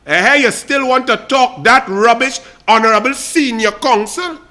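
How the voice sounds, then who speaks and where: A man's voice: very high voice, lively intonation, measured pace, bright, forceful tone. A man with a Trinidadian accent hosting a political talk show, delivering a fiery, mocking commentary monologue straight to his listeners.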